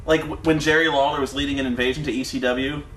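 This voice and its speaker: A man co-hosting a podcast, telling wrestling stories in casual, profane chat and acting them out with shouted impressions. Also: mid-range voice, fairly even intonation, fast talker, echoey room. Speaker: podcast co-host.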